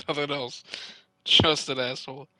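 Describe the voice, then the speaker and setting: A man's voice: medium pitch, pushed and bright, dry recording, rough recording. A man co-hosting a casual podcast, joking, teasing and laughing often over a home mic on a voice call. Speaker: podcast co-host.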